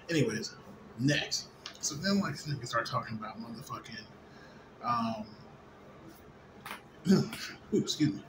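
A slightly drunk man in a rambling, profane late-night monologue, full of fillers and restarts. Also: mid-range voice. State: a little drunk. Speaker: vlogger. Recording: noisy ambience behind voice.

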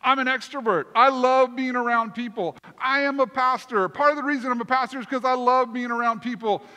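A man preaching a sermon as pastor, telling a story in an animated, self-deprecating way. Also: very high voice, a little fast, clear, resonant tone. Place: church sanctuary. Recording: long church reverb.

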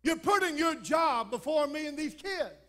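A man's voice: extremely high pitch, expressive, moderate pace, fairly bright tone. A man preacher voicing a tired, grumbling husband home from the fields, complaining about supper. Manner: complaining, put-upon.

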